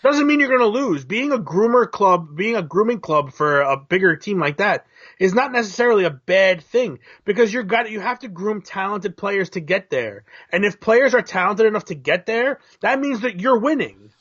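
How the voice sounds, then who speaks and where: A man co-hosting a casual soccer talk show, explaining tactics in a measured, analytical way. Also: sits high, expressive, a bit bright, highs cut off. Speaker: co-host. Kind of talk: casual chat.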